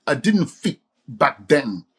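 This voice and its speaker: A man from Cameroon, a guest in a casual interview who agrees quickly and laughs readily. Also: medium pitch, very animated, a bit bright, breathy edge. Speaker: guest, author and communication coach.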